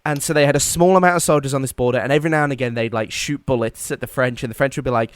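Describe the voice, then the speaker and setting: Male podcast co-host, jokey storyteller, smooth resonant voice, dry recording. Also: mid-range voice, very fast, no room sound. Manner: jokey storytelling, acts out silly quoted voices. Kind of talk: casual comedic history chat.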